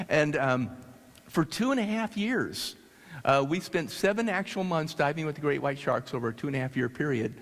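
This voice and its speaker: A man from the United States telling a story to an audience, animated and halting with restarts. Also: on the high side. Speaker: speaker. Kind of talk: storytelling talk. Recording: long hall reverb.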